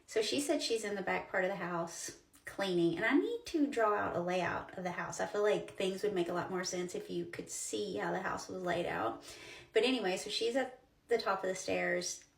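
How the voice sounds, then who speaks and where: A woman's voice: medium pitch, moderate pace, gravelly, breathy edge, no echo. A woman in her forties telling a personal story in a chatty, emotional way, with lots of fillers. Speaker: storyteller host.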